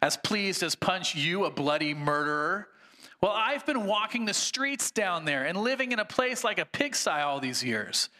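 A man's voice: sits high, expressive, moderate pace, bright, forceful tone, voice pushed up. A man voicing a blustering, indignant ghost. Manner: aggrieved, rough grammar, keeps insisting. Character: blustering indignant male ghost, self-righteous, coarse. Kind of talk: sermon reading aloud.

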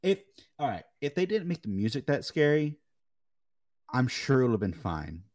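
A young man co-hosting a casual gaming chat, telling animated stories and swearing freely. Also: medium pitch, moderate pace. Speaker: podcast co-host.

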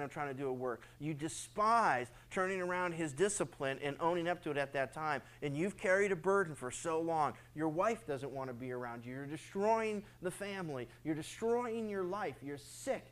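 A man's voice: fairly high pitch, moderate pace. A man preaching a sermon as pastor, earnest, often repeating words for stress and acting out quoted prayers and excuses.

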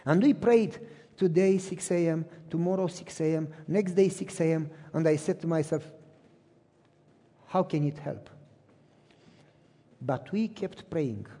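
Animated pastor preaching in a reverberant hall. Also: male voice, a little high, normal speed. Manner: animated storytelling, acts out both sides of phone calls. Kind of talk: sermon with personal stories.

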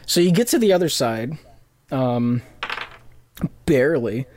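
A game master narrating a tabletop role-playing scene, halting and full of fillers. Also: medium pitch, expressive, a little mellow.

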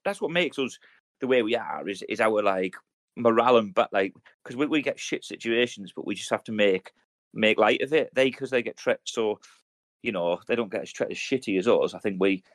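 Fast-rambling man with a dry sound. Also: on the low side, animated, no room sound. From United Kingdom. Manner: rapid, rambling storytelling with lots of swearing and military slang. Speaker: podcast co-host. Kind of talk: casual chat.

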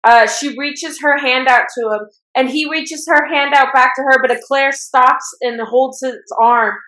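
A woman hosting a casual chat, recapping an anime episode as an excitable fan who gets worked up and laughs as she retells it. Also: sits high, measured pace, reverberant, low-quality recording. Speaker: podcast host recapping an anime.

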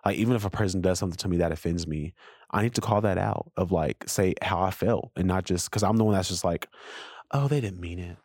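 A man's voice: sits low, fast talker, a little mellow, no echo, clean studio sound. A man co-hosting a casual faith podcast, speaking earnestly and openly about his feelings in his marriage. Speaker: podcast co-host.

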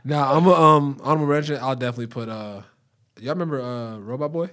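A man's voice: mid-range voice, fast talker, fairly bright tone. Young man, slangy and hesitant. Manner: slangy, hesitant, laughs easily. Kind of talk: casual chat.

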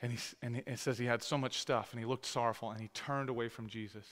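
Bright-voiced male pastor in a reverberant hall. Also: mid-range voice, fairly even intonation, quick pace. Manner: conversational, rising to loud emphatic scripture reading. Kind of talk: sermon. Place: church sanctuary.

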